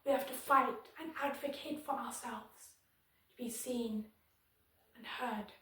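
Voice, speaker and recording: A woman's voice: on the high side, fairly even intonation, a little slow, a bit bright, far from the mic. Earnest woman in echoey room. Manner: firm, earnest, addressing viewers directly. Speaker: disability vlogger. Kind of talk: direct-to-camera advocacy commentary. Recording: very echoey room, voice somewhat off-mic.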